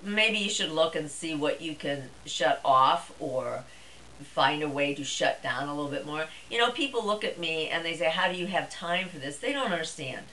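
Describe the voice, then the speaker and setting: A woman's voice: sits low, normal speed, pushed and bright, a little hiss or hum, poor audio. A middle-aged woman vlogger talking to camera in a chatty, rambling way, with plenty of fillers. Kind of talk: casual monologue to camera.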